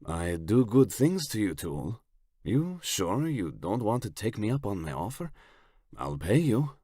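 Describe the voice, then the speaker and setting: A man voicing a smug, leering Italian crime boss with a thick Italian accent, talking slowly and with menace. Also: on the low side, sing-song, mellow, husky, dry recording, studio quality, pitched above the performer's own voice, exaggerated voice.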